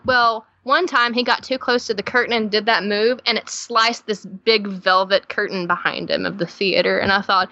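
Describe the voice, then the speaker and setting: A woman's voice: mid-range voice, normal speed, hardly any pauses, no echo, highs cut off. A woman with a Southern drawl from Tennessee, telling stage stories animatedly as a podcast guest. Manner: animated storytelling with laughs. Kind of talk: casual conversation.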